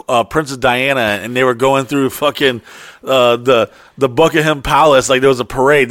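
Profane, animated storytelling man. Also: no room sound, studio quality. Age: adult. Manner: profane, animated, acts out quotes in high voices. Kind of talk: casual storytelling chat.

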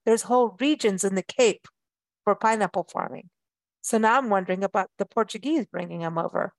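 A woman's voice: medium pitch, fairly quick, creaky, dry recording. Chatty, laughing woman host. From South Africa. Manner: chatty, laughing, with playful asides. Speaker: radio show host. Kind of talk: casual chat.

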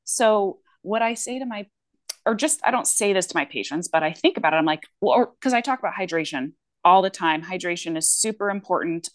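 A woman co-hosting a casual podcast, speaking as a working clinician. Her voice sits on the low side and she rambles, restarting thoughts with plenty of fillers. The sound is dry and close, with no room around it. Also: animated, brisk, no room sound. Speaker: speech-language pathologist, podcast co-host.

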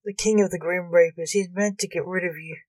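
A woman's voice: fairly low pitch, fairly even intonation, brisk, dry recording, studio quality, natural voice. A woman voicing an irritable grown necromancer who speaks coldly and darkly. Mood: exasperated. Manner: cold, dark and hissing.

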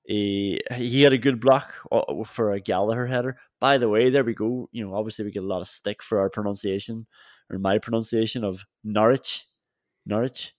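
A man's voice: fairly low pitch, steady tone, fairly quick, a little mellow, no room sound, clean studio sound. A man co-hosting a football podcast, chatting casually with laughs and restarts. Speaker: podcast co-host.

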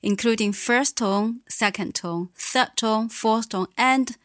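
A woman teaching Mandarin, a native speaker who patiently models words slowly and clearly. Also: fairly high pitch, a bit bright, no room sound, studio quality. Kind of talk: language teaching.

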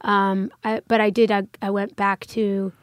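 A woman in her thirties chats as a guest, looping through "like" and small restarts as she tells her story. Her voice sits at a middling pitch, recorded close and dry with no room sound. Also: flat delivery, unhurried, dry recording. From United States. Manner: chatty, many fillers and restarts. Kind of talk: casual interview conversation.

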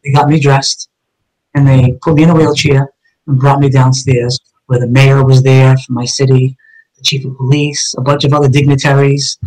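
A man's voice: mid-range voice, flat delivery, normal speed, darkish tone, low-quality recording. A man as an interview guest, earnestly telling a personal story and acting out the quoted dialogue as he goes.

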